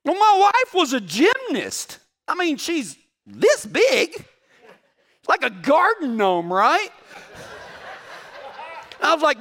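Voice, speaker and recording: A man in his forties preaches a storytelling sermon, folksy and full of jokes. His voice sits high and swings widely up and down, with a bright, forceful edge. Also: slow pace, pauses often. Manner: folksy, joking, animated storytelling.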